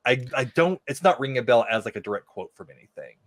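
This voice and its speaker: A man guesting on a podcast, casually discussing a TV episode in a wry, relaxed way, sometimes mock-quoting characters. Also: medium pitch, quick pace, dry recording. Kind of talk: casual chat recapping a TV episode.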